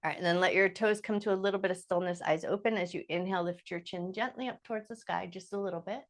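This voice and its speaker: A woman yoga instructor leading a guided chair yoga class, giving gentle step-by-step cues in a calm, casual way. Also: lowish voice, quick pace. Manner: casual, with fillers like "like" and "just".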